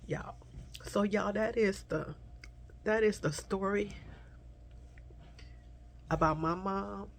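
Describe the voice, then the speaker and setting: A woman shares a personal storytime with her viewers, her voice tearful and unsteady. She speaks softly and haltingly at a middle pitch, often slipping into a whisper and calling the audience y'all. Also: vocal fry, slight background noise. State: tearful, crying at times. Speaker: vlogger.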